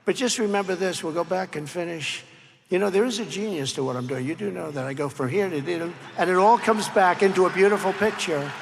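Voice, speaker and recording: Man rambling through a rally speech, high gravelly voice, long hall echo, faint crowd sound. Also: brisk, slight background noise. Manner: rambling, boastful storytelling with asides. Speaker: keynote speaker. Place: large convention hall. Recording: reverberant convention hall, faint crowd ambience.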